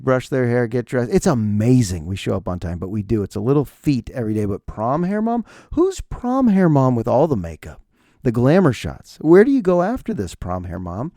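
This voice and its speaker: A man's voice: mid-range voice, creaky, no echo, clean studio sound. A middle-aged man hosting a podcast, rambling through a comedic solo monologue and acting out the voices of people he describes. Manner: rambling, animated, acts out quoted voices. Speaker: podcast host.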